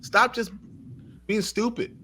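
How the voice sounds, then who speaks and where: A man's voice: sits high, steady tone, slow pace, pushed and bright, slight background noise. Opinionated man in casual podcast chat. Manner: opinionated, gets worked up. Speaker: podcast co-host.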